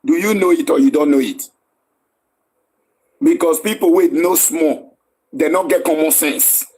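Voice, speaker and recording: Man, Nigerian accent, high pitched, husky, combative, scolding host. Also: unhurried, darkish tone. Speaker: live stream host. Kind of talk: heated live-stream argument.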